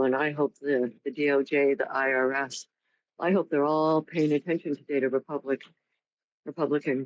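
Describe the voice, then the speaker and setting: A woman in a casual political chat, talking in an upbeat, sarcastic way. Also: deep voice. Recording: dull dry lo-fi line.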